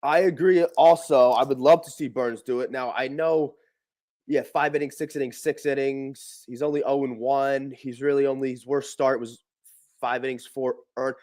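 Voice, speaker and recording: A man's voice: mid-range voice, steady tone, normal speed, a little mellow. A man co-hosting a casual morning baseball show, talking loosely and swearing as he makes his picks. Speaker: co-host. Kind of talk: casual sports talk.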